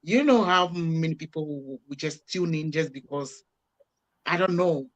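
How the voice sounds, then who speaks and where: A man with a Ghanaian accent speaking as a guest in a casual discussion, halting and restarting often. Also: on the high side, low-quality recording.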